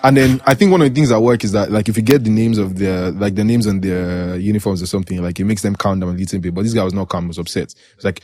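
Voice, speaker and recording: A young Nigerian man hosting a podcast, telling a story in lively casual chat and laughing often. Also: lowish voice, fast talker, few pauses, dry recording. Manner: animated, laughs often while telling stories. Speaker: podcast host.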